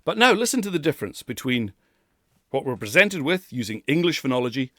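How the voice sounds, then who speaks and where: A man's voice: mid-range voice, very animated, a little fast, fairly bright tone, no echo, clean studio sound. A man coaching pronunciation who demonstrates sounds and laughs often. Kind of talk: pronunciation lesson.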